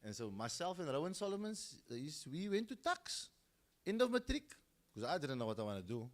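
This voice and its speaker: Pitched fairly high, this man speaks in a brisk, sing-song way. Middle-aged and South African, he's telling stories at a school football launch and acting out each person he quotes.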